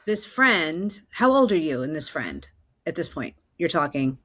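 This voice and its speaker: A woman's voice: sits low, sing-song, unhurried, fairly bright tone, a little hiss or hum. A woman hosting a podcast interview, reacting and cutting in with short questions. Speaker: podcast host. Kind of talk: conversational interview.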